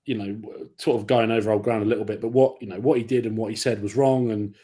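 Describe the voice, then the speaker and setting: A man's voice: on the low side, steady tone, fast talker, mellow. A young man co-hosting a casual football podcast over a call, rambling and hesitant, often restarting his sentences. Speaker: podcast co-host and YouTuber. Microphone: remote call mic.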